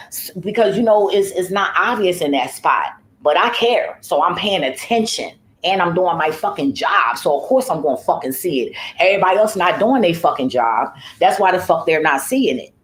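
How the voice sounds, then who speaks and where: A woman's voice: fairly low pitch, animated, moderate pace, few pauses, low-quality recording. A woman who works as a home care worker, talking casually in a vlog. She tells her story in a profane, rambling way, often trailing off and starting over.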